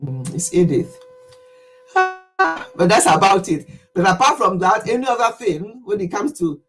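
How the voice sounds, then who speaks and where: A woman's voice: mid-range voice, very animated, moderate pace, music in the background. A Nigerian woman in her fifties, chatting animatedly to camera in a casual vlog monologue and laughing easily. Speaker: vlogger.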